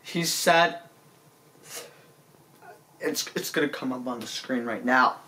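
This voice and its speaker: A man's voice: takes it slowly, pushed and bright. Stammering man in a mock-tearful apology. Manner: pleading, with sudden high squeaky cracks. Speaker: comedy vlogger. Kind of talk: mock-serious apology monologue.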